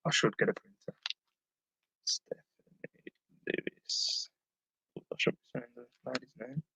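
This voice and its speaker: A man's voice: medium pitch, fairly even intonation, normal speed, creaky, pauses often, fairly bright tone, dry recording, rough recording. A chatty man talks to viewers while he packs orders at home, humming little tunes between remarks. His voice sits in a middle range and sounds dry and close. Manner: chatty, hums to himself while working. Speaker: online reseller streaming live. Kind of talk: casual live-stream chat while packing orders. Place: at home, indoors.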